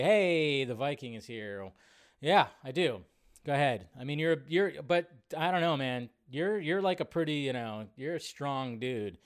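A man's voice: mid-range voice, big pitch swings, moderate pace, clear, resonant tone. A man hosting a live film news stream, chatting loosely with viewers and rambling between greetings.

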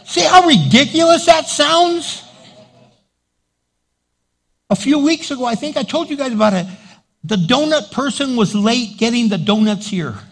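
A middle-aged man preaching a sermon as pastor, loud and animated, acting out little voices to make his points. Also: very high-pitched, measured pace, long pauses, breathy edge.

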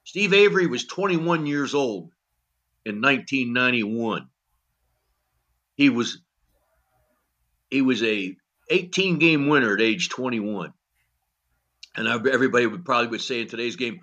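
With a mid-range male voice, a moderate pace, and long pauses, an older ex-pitching coach tells blunt, salty stories as a podcast guest. He's animated, acting out each exchange and scattering many "you know" fillers throughout.

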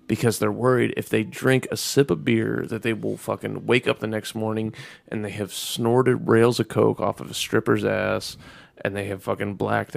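Low gravelly guy ranting and cursing, sarcastic, dead dry sound. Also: dry recording. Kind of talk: casual chat.

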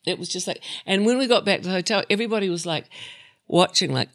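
Lively woman podcast guest, animated pitch, dry close sound. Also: fast talker, no echo. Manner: animated storyteller, laughs. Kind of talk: casual chat.

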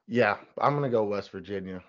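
A young man in his twenties, a college football player, telling stories in a relaxed, chatty interview. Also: on the low side, fairly quick. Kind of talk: casual interview. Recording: dull lo-fi sound.

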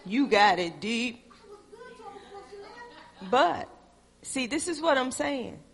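A woman speaking in casual conversation, slowly and emphatically offering counsel. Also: a little high, lively intonation, fairly bright tone. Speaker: conversation partner. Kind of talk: casual chat, advice.

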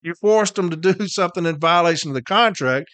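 A man's voice: high voice, a little fast, a bit bright, dry recording. A man, a podcast host and union representative, ranting casually in a blunt, heated and profane way, tired and irritated, hammering his points home by repeating them.

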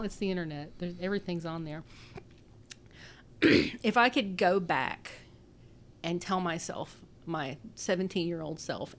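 A woman's voice: fairly low pitch, slight background noise. A woman in her thirties with a Texan accent, chatting casually as a podcast co-host, rambling and laughing often. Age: 30s. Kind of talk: casual chat.

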